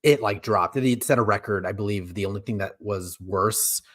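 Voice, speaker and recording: A man's voice: lowish voice, a little fast, a bit bright. A man co-hosting a casual movie ranking podcast, laughing often and hesitating with ums. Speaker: podcast co-host.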